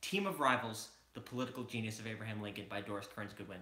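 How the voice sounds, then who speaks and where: A man's voice: lowish voice, fast, pushed and bright. Wry, hesitant man on a livestream. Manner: hesitant, lots of fillers, wry. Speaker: guest on the livestream. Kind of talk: casual livestream chat. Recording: echoey room.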